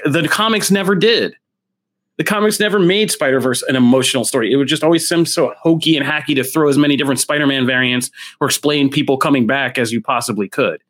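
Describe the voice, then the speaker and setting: A man's voice: medium pitch, a bit bright. A man co-hosting a podcast, giving blunt, opinionated takes in casual comics chat. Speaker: podcast co-host.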